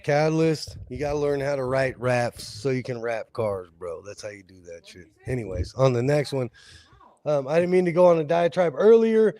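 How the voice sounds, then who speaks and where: A man's voice: mid-range voice, moderate pace, warm tone. A man talking in a casual group chat, rambling, profane and passionate. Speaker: guest.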